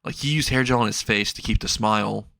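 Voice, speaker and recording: A man's voice: on the low side, fairly quick, gravelly, bright, forceful tone, no echo. A man casually narrating a fan-made story, rambling and swearing. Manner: rambling, profane, laughs at own jokes.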